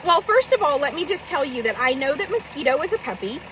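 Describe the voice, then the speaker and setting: A woman vlogging live in casual chat, swearing freely and laughing often as she tells animated stories. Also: high voice, fast, background noise.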